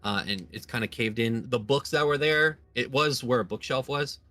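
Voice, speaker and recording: A man's voice: mid-range voice, normal speed, no echo. Laid-back male game master, dry sound. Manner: relaxed, loose describing with many fillers. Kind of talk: narrating a tabletop game.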